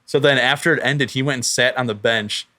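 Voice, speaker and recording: A man co-hosting a casual sports podcast, telling the story with a forceful, bright edge. He talks in a worked-up, rapid way and swears freely. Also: medium pitch. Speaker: podcast co-host.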